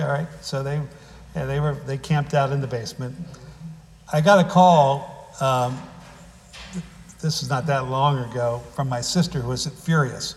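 A man's voice: medium pitch, fairly even intonation, a little slow, pauses often, big-room sound. A man preaching a sermon, reading scripture and then telling family stories in a conversational way with wry humor. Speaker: pastor.

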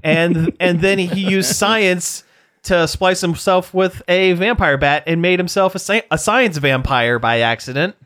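A man's voice: high-pitched, unhurried, fairly bright tone. A man hosting a casual podcast chat, rambling, joking and laughing often. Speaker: podcast host.

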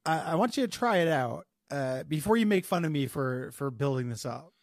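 Goofy laid-back man, lively pitch. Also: fairly quick, gravelly, dry recording, studio quality. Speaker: podcast co-host. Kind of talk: casual chat.

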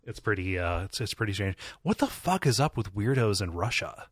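Guy chatting on a podcast, kinda low voice, laughs a lot, keeps restarting. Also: animated, a little fast, a bit bright, no echo, studio quality. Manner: rambling, laughs often, many restarts. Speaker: podcast co-host. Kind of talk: casual chat.

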